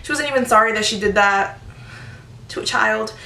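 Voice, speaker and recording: A woman in her twenties telling retail stories in a chatty, animated storytime vlog. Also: a little high, moderate pace. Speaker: vlogger. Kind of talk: casual storytime. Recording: echoey room, distant mic.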